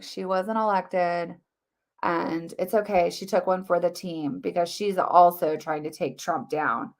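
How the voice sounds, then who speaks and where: A woman talking fast and emphatically in a live-streamed political commentary, repeating herself, with many "like" fillers. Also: mid-range voice, fairly bright tone.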